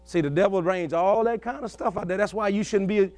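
High-voiced preacher man. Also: brisk, darkish tone, no echo. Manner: preaching in call-and-response, folksy storytelling. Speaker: pastor. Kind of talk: sermon.

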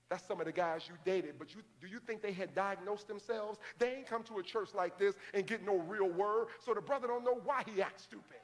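A man preaching a sermon as pastor of a large church, building to shouted calls to the congregation. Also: high voice, normal speed, in a large hall. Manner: preaching, rising to shouted call-and-response.

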